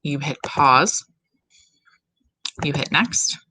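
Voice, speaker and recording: Woman music teacher walking students through steps slowly, bright voice. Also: sits low, husky, poor audio. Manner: slow, step-by-step instructions. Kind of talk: recorded classroom tutorial.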